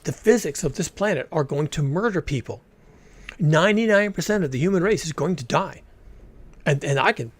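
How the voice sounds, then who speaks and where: A man's voice: on the high side, a bit bright. A man commentating on a recorded talk in a blunt, emphatic way, swearing freely. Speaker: reaction video commentator.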